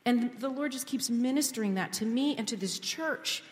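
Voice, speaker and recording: A woman's voice: a little high, moderate pace. Woman telling a testimony in a reverberant church. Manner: candid storytelling, building to fervent prayer. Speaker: speaker at church. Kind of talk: sermon testimony. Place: church sanctuary. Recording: long reverb of a church hall.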